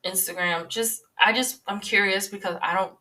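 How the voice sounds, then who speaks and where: A woman in her twenties hosts a podcast, talking through celebrity news in a loose, rambling monologue packed with ums. Her medium-pitched voice is bright and sharp with fairly even intonation. Sitting a little back from the mic, she sounds slightly distant.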